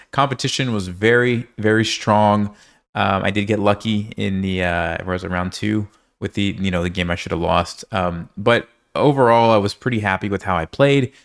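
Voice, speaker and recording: A man with a fairly low voice talks to his viewers in a relaxed, upbeat way. He fills pauses with "um" and "like" as he reflects. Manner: relaxed and upbeat, with filler words. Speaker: chess player and video creator. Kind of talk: casual outro to viewers.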